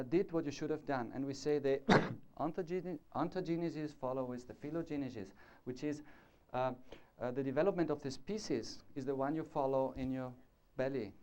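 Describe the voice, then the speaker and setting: A man with a mellow, mid-pitched voice lectures a conference audience, wandering between points and stopping to ask if they follow. The sound is a dull, lo-fi 1990s conference tape. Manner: discursive, demonstrating with gestures and asking the audience. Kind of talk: live conference talk. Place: lecture hall before an audience.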